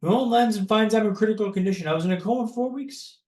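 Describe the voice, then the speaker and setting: A man from Canada, a podcast guest, telling a personal story in a dramatic, paced way with pauses. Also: sits high, darkish tone, roomy sound.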